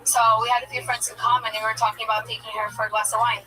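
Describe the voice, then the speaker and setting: A woman's voice: on the high side, little pitch movement, rapid-fire, sharp tone. A young woman from Portugal, a stand-up comedian, trading blunt teasing jokes on a comedy show. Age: young adult. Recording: music, voice far from mic.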